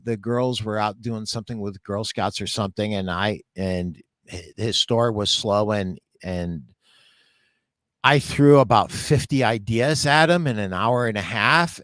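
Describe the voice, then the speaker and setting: Slow, measured older man advising. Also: lowish voice, fairly bright tone, no echo. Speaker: show host and retail consultant. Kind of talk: live Q&A talk show.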